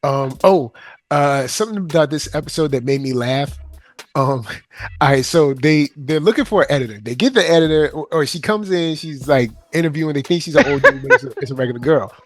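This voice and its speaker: Man, podcast co-host, easygoing slangy storyteller, slightly high voice, faint music under. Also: lively intonation, brisk, no echo. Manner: laid-back, laughing, slangy storytelling. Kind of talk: casual anime chat.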